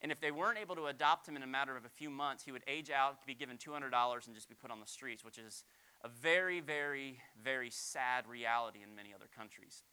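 A male pastor preaching a sermon, animated, swinging from loud exclamations to quiet asides. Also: mid-range voice, fast talker, smooth.

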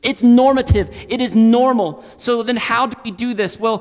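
Male pastor, sermon, slightly high voice, shifts between loud emphasis and hushed tones, long hall reverb. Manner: dynamic, swings from loud emphasis to hushed near-whisper; repeats phrases for emphasis.

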